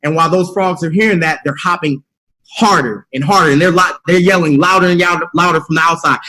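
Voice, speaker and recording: A man's voice: a little high, normal speed, bright, forceful tone, poor audio. A middle-aged man leading a motivational call, preachy and rallying, repeating his key phrases. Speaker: mentorship call leader.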